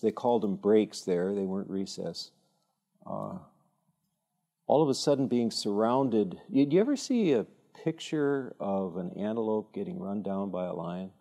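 Halting, joking man with a low voice. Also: lively intonation, gravelly, dark tone. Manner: self-deprecating humor, halting restarts. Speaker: speaker at a church teaching evening. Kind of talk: informal storytelling talk.

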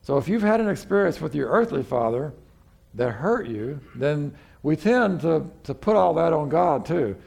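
A man's voice: fairly high pitch, animated, normal speed, creaky, darkish tone. A man, preaching a sermon as pastor in a folksy, conversational way with frequent restarts.

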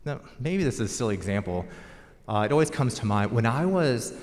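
A man's voice: mid-range voice, big pitch swings, brisk, a little mellow. An American man preaching a sermon as pastor, in a conversational storytelling manner. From United States. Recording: long hall reverb.

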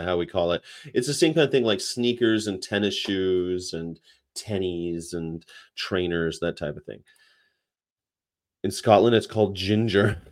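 A man hosting a casual livestream chat, rambling and laughing often as he reads comments and mimics regional accents. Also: low-pitched. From United States. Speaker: livestream host.

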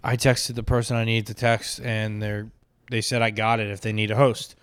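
A man's voice: lowish voice, flat delivery, normal speed, a bit bright, clean tone, no echo, studio quality. A young man in his twenties, a comedian co-hosting a podcast, teasing his partner bluntly in crude casual banter.

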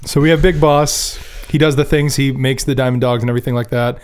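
A young man hosts a laid-back podcast with a voice of ordinary pitch. He laughs a lot between phrases and teases himself as he goes. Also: steady tone, a little fast, darkish tone, clear, resonant tone. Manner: giggly, self-mocking, laughs often mid-sentence. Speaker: podcast host. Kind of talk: casual chat.

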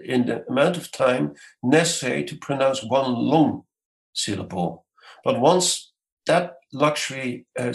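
A gravelly man explains his field in an interview, taking his time. He lectures patiently, with frequent "uh"s and restarts as he searches for words. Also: medium pitch, poor audio. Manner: measured, lecturing, many hesitations. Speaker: scholar guest.

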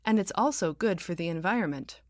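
A woman's voice: on the low side, expressive, brisk, darkish tone, dry recording, clean studio sound, natural voice. A woman voicing a patient, earnest, idealistic woman explaining things.

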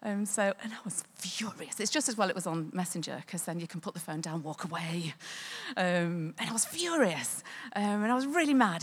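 A woman's voice: on the low side, expressive, normal speed, slight background noise. A woman recounts a personal faith testimony. She speaks conversationally, with frequent ums and small restarts.

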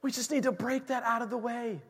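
A man preaching a sermon as pastor, animated, swinging from shouts to hushed asides. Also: very high-pitched, a little fast, slightly rough, big-room sound.

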